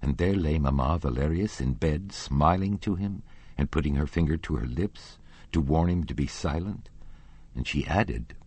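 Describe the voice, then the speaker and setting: A man reading a novel aloud as narrator, in a measured, steady way. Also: very deep voice, slightly rough, no echo. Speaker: audiobook narrator. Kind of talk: scripted narration.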